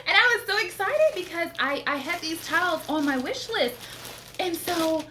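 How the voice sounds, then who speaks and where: A woman's voice: extremely high pitch, moderate pace, background noise. A woman vlogger who makes homemaking videos, talking casually to her viewers as she tells a faith-filled story, acting out what she and others said and laughing often. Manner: animated, quoting herself and others, laughing often.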